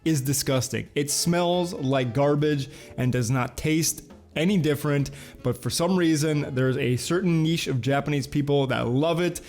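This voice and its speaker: A man's voice: mid-range voice, darkish tone. A man hosting a casual video show, reading headlines and chatting with lots of filler uhs. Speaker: host.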